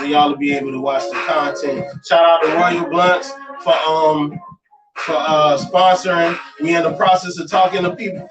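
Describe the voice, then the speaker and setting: A man's voice: on the high side, roomy sound. A man co-hosting a talk show, giving loose, repetitive plugs with many fillers. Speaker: co-host. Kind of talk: casual talk show chat, promo plugs. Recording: distant mic with music behind.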